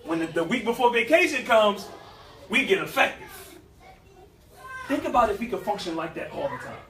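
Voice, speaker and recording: Brief: a high-pitched New man with a lively, folksy preaching style, recorded from a distance in an echoey room. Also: normal speed, a little hiss or hum. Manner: animated, folksy, with vernacular asides and repeats. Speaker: speaker at a youth life-skills session. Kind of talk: motivational talk with preaching flavor.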